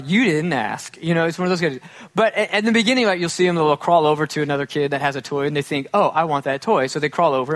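A male pastor preaching a conversational sermon, with self-deprecating humor, who often acts out quoted voices. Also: on the high side.

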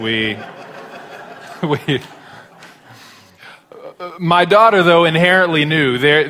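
A male pastor giving a sermon in a conversational storytelling way, turning soft and tender when serious. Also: mid-range voice. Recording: long reverb of a large hall.

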